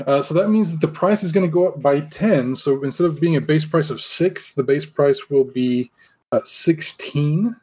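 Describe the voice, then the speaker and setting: A man's voice: fairly high pitch, moderate pace, husky. Laid-back male game master. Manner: relaxed, many fillers and restarts. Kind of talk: narrating a tabletop game.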